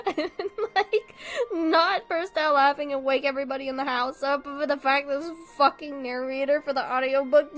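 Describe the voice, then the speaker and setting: A woman's voice: high voice, fairly bright tone. A young woman streamer chatting casually, telling a rambling story and laughing often. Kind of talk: casual chat while drawing on stream.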